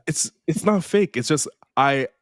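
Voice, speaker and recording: A man's voice: on the high side, lively intonation, a little slow, dry recording, studio quality. A man in his thirties co-hosting a podcast, laid-back, often laughing and restarting his words. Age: 30s. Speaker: podcast co-host. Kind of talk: casual podcast chat.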